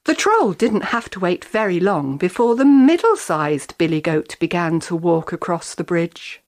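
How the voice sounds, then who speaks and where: Slow, animated woman storyteller. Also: on the low side, slight background noise. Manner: expressive, animated. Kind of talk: children's fairy tale storytelling.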